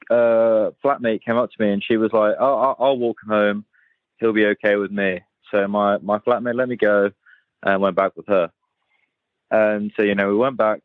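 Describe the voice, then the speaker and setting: A young man with a lowish voice tells a rambling story, stopping often for fillers and dropping swear words as he goes. The sound is tinny like a phone line, with a dry, close feel and no room around him. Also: dry recording. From United Kingdom. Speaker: caller. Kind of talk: casual storytelling voice message.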